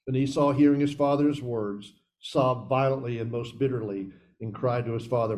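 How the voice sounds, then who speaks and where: A man's voice: mid-range voice, normal speed, darkish tone, rough recording. A man leading a men's Bible study, reading scripture aloud and commenting earnestly, calling his listeners guys.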